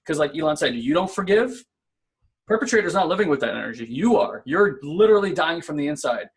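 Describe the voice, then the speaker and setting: A man's voice: fairly high pitch, big pitch swings, a little fast. A man co-hosting a casual spiritual self-help talk, earnest and conversational, often checking in with "right?". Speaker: podcast co-host.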